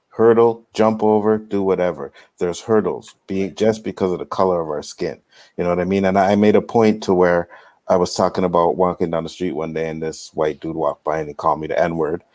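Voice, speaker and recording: A man from Canada with a low, steady voice talks through his views on a live online panel. He tells stories in a loose, chatty way and keeps checking in with his listeners. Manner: animated storyteller, repeats "you know what I mean". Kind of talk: casual panel chat.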